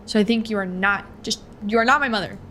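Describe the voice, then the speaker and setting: A woman's voice: medium pitch, quick pace, bright, forceful tone, slight background noise. A young woman casually commenting on a horror visual novel, chatty and full of slang. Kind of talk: let's play commentary and reading aloud.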